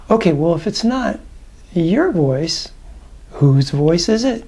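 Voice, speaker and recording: Mellow, husky-voiced male coach. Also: on the high side, big pitch swings. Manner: conversational and reflective, with thoughtful pauses. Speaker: tapping practitioner and coach. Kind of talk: advice talk to camera.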